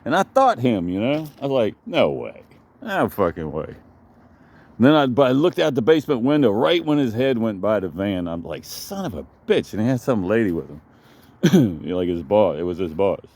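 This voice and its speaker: A man's voice: lowish voice, expressive, brisk, a little mellow. A man rambling through a profane, digressive story in a casual vlog, recorded outdoors in his backyard.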